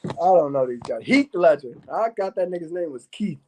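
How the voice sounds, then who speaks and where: A man's voice: fairly high pitch, lively intonation, moderate pace, noisy background. A man hosting a livestream, talking in a rambling, profane way with laughing asides. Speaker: livestream host. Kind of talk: casual rambling livestream talk.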